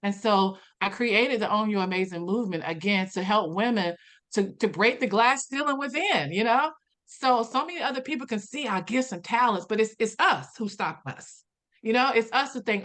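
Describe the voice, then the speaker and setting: A woman guest on an interview podcast, telling her story in a lively way and acting out the dialogue she quotes. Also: normal speed. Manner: animated, acts out quoted dialogue with big pitch jumps. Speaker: podcast guest, personal development coach.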